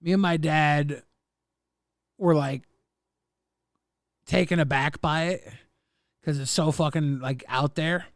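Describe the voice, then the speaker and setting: A man hosting a livestream, casually reading viewer messages and rambling with plenty of swearing in a deadpan way. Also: fairly high pitch, takes it slowly, pauses often, no room sound, studio quality. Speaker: stream host.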